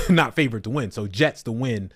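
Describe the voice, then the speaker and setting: A man's voice: mid-range voice, lively intonation, moderate pace, breathy edge, no room sound, clean studio sound. A man hosting a casual sports betting chat, laughing often and moving the panel along.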